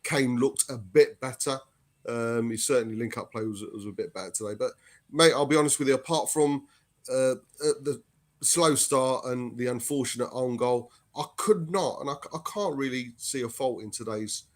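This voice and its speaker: A man's voice: medium pitch, normal speed. A man, chatting casually as a fan guest on a video call, hesitant and full of restarts. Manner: hesitant, restarts often, says mate. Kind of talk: casual chat.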